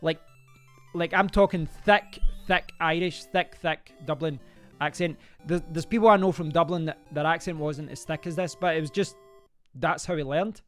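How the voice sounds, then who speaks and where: Man, live-stream gamer, rambling casual chat, smooth resonant tone. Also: fairly high pitch, fairly even intonation, normal speed, soft background music. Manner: rambling, chatty, reacts aloud to the game.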